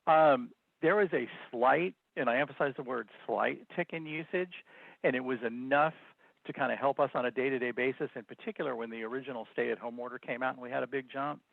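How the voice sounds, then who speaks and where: A man reports on his department's budget at a council hearing, pausing often on fillers. His voice has a gravelly fry. It comes through a thin, phone-like line with no room sound. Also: mid-range voice, steady tone, dry recording. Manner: hesitant, many fillers. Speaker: city department head.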